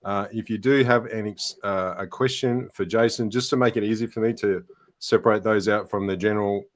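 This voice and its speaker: Male host, lowish voice, easygoing live-stream chat. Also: fairly quick. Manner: relaxed, friendly, with fillers. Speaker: podcast host.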